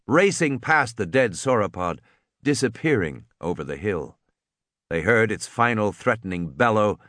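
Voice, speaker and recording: A man narrating a story aloud, expressive, doing voices for the characters. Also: medium pitch, dry recording, studio quality. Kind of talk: audiobook reading.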